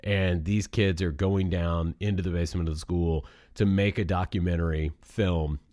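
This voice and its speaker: A man co-hosting a casual movie chat, animated and jumping up in pitch when he argues his point. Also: normal speed, dry recording, clean studio sound. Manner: animated, jumps high in pitch when arguing. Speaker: movie podcast co-host.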